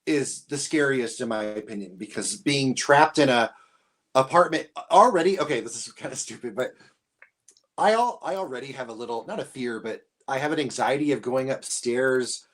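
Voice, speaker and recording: A man's voice: medium pitch, normal speed, a bit bright. A man as a guest in a casual live-stream chat, rambling and self-deprecating and often trailing off mid-thought.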